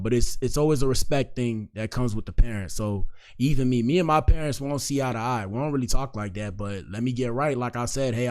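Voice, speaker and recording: A young man hosting a casual online reaction show, talking loosely in slang and reading out viewer comments. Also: mid-range voice. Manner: loose slangy talk, reads chat shout-outs. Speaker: streamer host reacting to clips.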